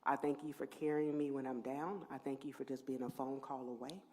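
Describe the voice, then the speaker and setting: With a very deep voice and fairly even intonation, a middle-aged housing agency head speaks a little fast during a heartfelt press event speech. Using a podium mic, she thanks people, swinging between near-whispers and loud, emphatic high points.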